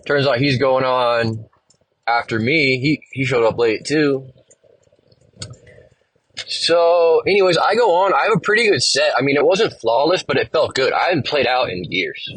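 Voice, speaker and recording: A man's voice: mid-range voice, moderate pace, a bit bright, husky, no room sound, rough recording. A male podcast host telling a long, rambling, profane story in a laid-back way. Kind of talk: casual storytelling monologue.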